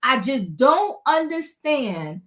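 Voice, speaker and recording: High-pitched lady gossiping through a reality show recap, really animated. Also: slow pace. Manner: animated storyteller, acts out quotes, slangy. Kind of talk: casual chat.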